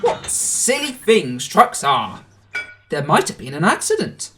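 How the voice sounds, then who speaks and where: A man voicing a proud young red engine who is sulky at times and determined at others, speaking in a pleading, excitable way. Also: a little high, a little slow, music in the background. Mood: scolding.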